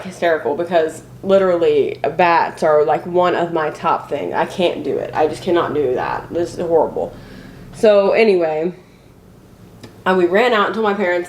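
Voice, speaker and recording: A young woman from Indiana telling a story to the camera at home, chatty, with many fillers and restarts. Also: lowish voice. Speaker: family vlogger. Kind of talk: casual chat to camera. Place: her home, indoors. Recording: echoey room, faint noise.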